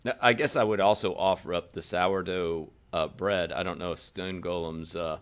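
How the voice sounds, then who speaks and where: A man's voice: low-pitched, steady tone, moderate pace, clear, resonant tone. A man playing a tabletop game who talks hesitantly and stammers. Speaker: player.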